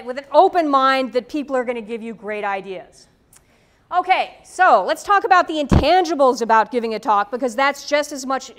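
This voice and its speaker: A woman professor giving a classroom lecture to students, firm and direct, checking in with "okay?" often. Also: high voice. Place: lecture room. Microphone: microphone, tethered.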